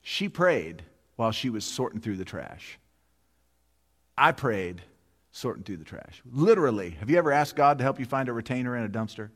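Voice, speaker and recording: A man's voice: mid-range voice, expressive, moderate pace, fairly bright tone. A pastor in his fifties preaches in a sanctuary, his mid-range voice carried on a long, ringing reverb. He tells a vivid personal story, then drives toward his point with emphatic, repeated appeals. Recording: long reverb of a large hall.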